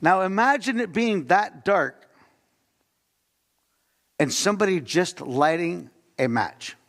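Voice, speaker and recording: A man delivers a sermon in a church sanctuary, his voice a little high with a gravelly edge. He preaches conversationally, asking the congregation questions and acting out quotes. A long reverb from the hall trails each phrase. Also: animated, slow, fairly bright tone. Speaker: pastor.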